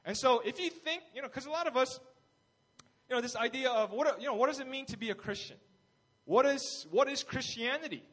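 Pastor, man, high-pitched, delivers a casual sermon and acts out the people he quotes, dry recording. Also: fast talker, a bit bright, dry recording, rough recording. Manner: conversational, many fillers, acts out quoted voices.

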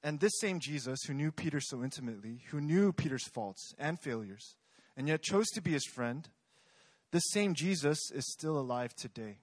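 A man's voice: fairly high pitch, expressive, normal speed, no echo. A young man preaching a sermon in a conversational way, often asking the congregation questions. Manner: conversational, asks the audience questions.

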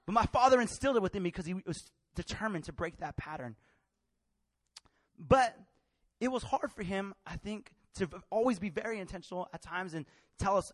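Young male preacher, high voice, dry close sound, passionate with loud-to-quiet swings. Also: lively intonation, brisk, no echo. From Mexican family. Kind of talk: sermon.

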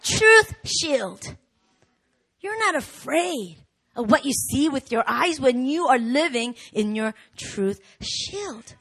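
A woman pastor preaching a sermon, animated and rising to shouts in the swells of her message. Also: high-pitched, slow pace, husky. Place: church hall.

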